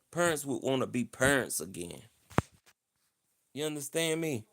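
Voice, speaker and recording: Male livestream host, playful and boastful, fond of repeating himself, mid-pitched voice. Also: expressive, moderate pace, fairly bright tone. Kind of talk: casual livestream chat.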